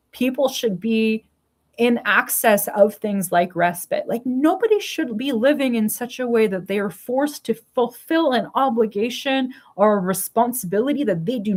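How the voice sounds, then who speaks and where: A woman's voice: on the high side, lively intonation, moderate pace. A middle-aged woman from Canada venting in a casual, blunt monologue, swearing often and laughing between words. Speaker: vlogger.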